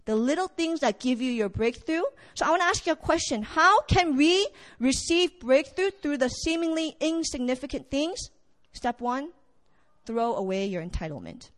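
A woman delivers a sermon in a high voice, telling the story with lively energy. She acts out what each character says as she goes. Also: normal speed, in a large hall. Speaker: preacher.

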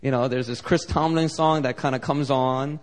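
A man's voice: medium pitch, fairly even intonation, moderate pace. Conversational male pastor telling a story. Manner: loose and conversational, full of "like" and "you know". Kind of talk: sermon storytelling. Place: church service.

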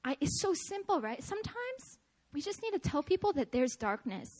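A woman with a high voice preaches a testimony-style sermon. She speaks with energy and an emphatic, repeating cadence, and often breaks into laughter. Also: sing-song, normal speed, darkish tone. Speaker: speaker at a prayer meeting.

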